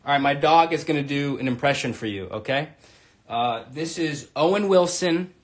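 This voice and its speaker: A man in his thirties hosts a comedy live stream from his room at home, speaking at a normal speed in a high, bright, expressive voice. He's brash and crude, rambling between loud bursts and low mutters.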